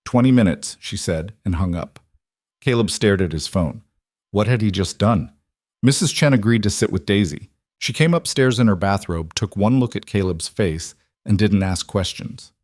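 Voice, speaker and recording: A man reading a scripted dramatic story in a steady, even narrating manner. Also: on the low side, moderate pace, dry recording, clean studio sound.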